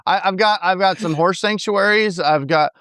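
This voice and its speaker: A younger man co-hosts a podcast with an easygoing, slightly hesitant way of talking and laughs along with his partner. His voice sits a little high for a man. The recording is close and dry. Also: moderate pace, fairly bright tone, dry recording. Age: younger adult. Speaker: podcast co-host, debt consultant. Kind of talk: casual chat.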